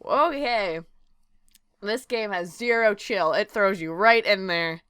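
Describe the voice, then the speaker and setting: A woman's voice: medium pitch, takes it slowly, fairly bright tone, smooth, no echo. A young woman hosting a gaming channel, with a slightly stuffy nose and a giggly, self-deprecating way of talking. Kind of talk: let's play commentary.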